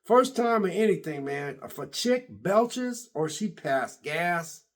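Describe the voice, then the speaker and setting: A man vlogging a series review in a casual, rambling way, restarting sentences and getting excited as he retells scenes. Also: sits high, takes it slowly. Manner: excitable, laughs and exclaims. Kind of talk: casual rambling reaction chat.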